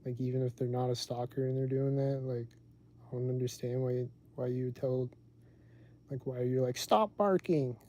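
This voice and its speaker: A man's voice: mid-range voice, monotone, normal speed, mellow. A man hosting his own livestream podcast, talking casually and rambling with lots of "like" fillers. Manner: rambling, heavy use of "like". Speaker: livestream host.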